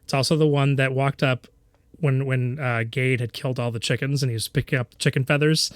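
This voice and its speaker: A man's voice: medium pitch, fairly even intonation, a little fast, smooth, no echo, studio quality. A man narrating a tabletop game as game master, rambling with many fillers and laughing often.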